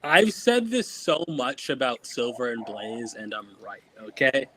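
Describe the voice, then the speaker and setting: A man's voice: mid-range voice, measured pace, over a noisy crowd, rough recording. A man hosting a casual call show, reading posts aloud and laughing along with them. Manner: animated, laughs while reading. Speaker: podcast host.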